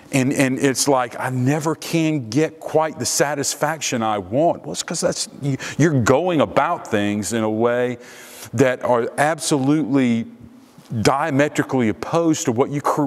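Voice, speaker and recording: A male pastor preaching a sermon emphatically, repeating his key phrases, in a church sanctuary. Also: mid-range voice. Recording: long hall reverb.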